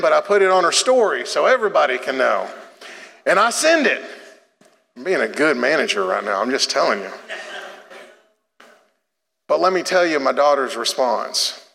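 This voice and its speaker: A middle-aged man preaching a sermon in a church, telling a family story in an animated way before turning to exhortation. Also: moderate pace, gravelly, in a large hall. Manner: storytelling, animated, rising pitch in anecdotes. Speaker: pastor.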